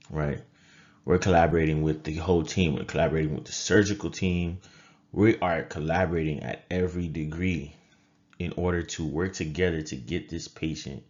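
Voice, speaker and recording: A man with a very low voice gives a motivational coaching talk straight to camera. He is emphatic and drives his points home by repeating phrases. The sound is dull and lo-fi. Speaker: trading coach and critical care nurse.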